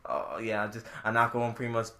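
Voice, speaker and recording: A man's voice: fairly low pitch, little pitch movement, fast talker, pushed and bright. A man co-hosting a podcast, telling a rambling, profane story in casual chat and laughing often. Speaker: podcast co-host.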